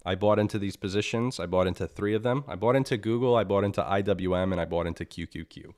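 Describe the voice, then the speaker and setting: A man with a lowish voice hosts a live trading stream and walks through the charts as he goes. He sounds annoyed and blunt, repeats his points and tags them with "right?" He speaks into a streaming mic. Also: fast, a little mellow. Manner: blunt, repeats himself, asks "right?" often. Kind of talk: live market analysis.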